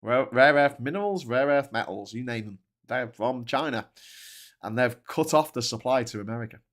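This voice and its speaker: A man hosting a casual spoken commentary, rambling and animated with frequent restarts. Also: mid-range voice, normal speed. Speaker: host.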